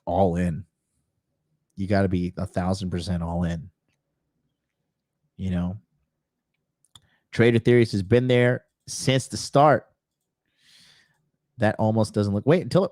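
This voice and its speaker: Male host, 30s, loose and profane, lower voice, dry sound. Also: mellow, dry recording. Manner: loose, swearing, laughs at himself. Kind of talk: casual talk to viewers.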